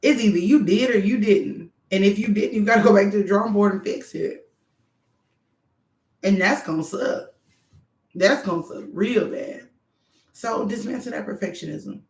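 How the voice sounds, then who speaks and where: A woman giving frank, animated advice straight to her viewers in a candid monologue. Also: medium pitch, moderate pace, long pauses. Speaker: doctoral student vlogger. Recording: echoey room.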